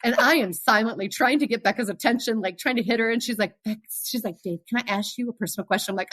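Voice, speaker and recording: A woman appearing as a guest on a podcast, telling a story in casual chat, and her voice jumps up high when she retells what happened. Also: fast talker, few pauses, a bit bright. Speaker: podcast guest, host's twin sister.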